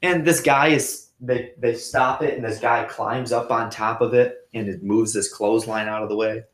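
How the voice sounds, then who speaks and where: A man's voice: medium pitch, steady tone, moderate pace, echoey room. A young adult man hosting a casual solo podcast, telling stories in a joking, self-deprecating way. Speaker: podcast host.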